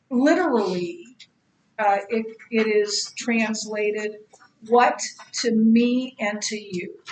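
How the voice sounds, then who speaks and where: A middle-aged woman teaching a Bible study lecture, halting often with ums and restarts. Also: fairly high pitch, reverberant, rough recording. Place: church classroom.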